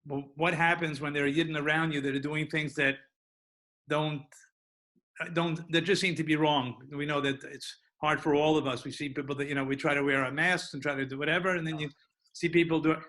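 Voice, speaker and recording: A man's voice: a little high, fairly even intonation, brisk, sharp tone. A man moderating, reading out an audience question in a conversational way.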